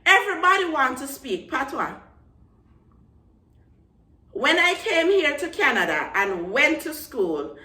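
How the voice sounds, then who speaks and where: Jamaican woman vlogger, middle-aged, bright lively voice, fervent, echoey room mic set back. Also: sits high. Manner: passionate, mixes Patois phrases into English. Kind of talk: casual chat to camera. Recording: roomy echo, mic at a distance.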